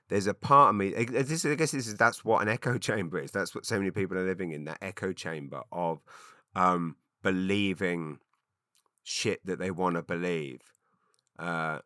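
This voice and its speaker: Host: man, lowish, bright and punchy, chatty self-mocking solo podcast, dry room. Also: normal speed, no echo. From Britain. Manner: chatty, self-mocking, with frequent ums and restarts. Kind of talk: solo rambling podcast monologue.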